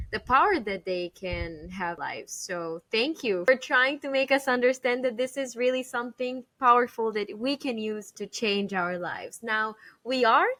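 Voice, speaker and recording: A woman hosting an interview podcast, speaking appreciatively with slightly halting phrasing. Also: mid-range voice, a bit bright, dry recording, rough recording. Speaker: podcast host.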